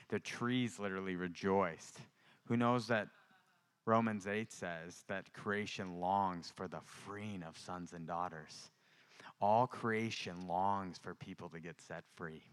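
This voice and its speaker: A young man from Louisiana preaches his testimony with passion, his clear, resonant voice swelling into loud cries and sinking to hushed whispered prayers. His tone is bright and forceful, sitting a little low. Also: steady tone, measured pace. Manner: impassioned, swings between loud outbursts and whispered prayers. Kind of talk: testimony sermon.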